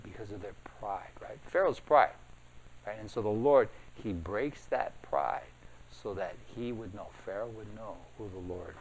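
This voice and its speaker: Low-voiced man teaching from the Bible. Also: normal speed, a little hiss or hum. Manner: conversational, peppered with "right?"; reads scripture louder and emphatic. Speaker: pastor. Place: church evening service.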